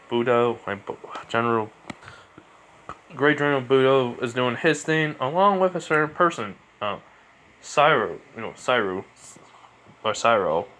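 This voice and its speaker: A man's voice: medium pitch, fairly bright tone. A man casually retelling a fan story at home, rambling with constant fillers and restarts.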